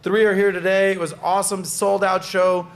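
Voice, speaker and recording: A man's voice: high-pitched, level tone, normal speed. A man hosting a casual podcast chat, upbeat and joking as he steers the talk. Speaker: podcast host.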